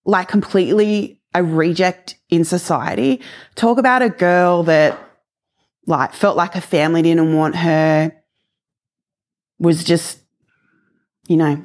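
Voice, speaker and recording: A woman in her forties sharing a personal faith testimony. She tells it earnestly and emotionally, dropping to hushed lows and rising to excited highs. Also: slow. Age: 40s.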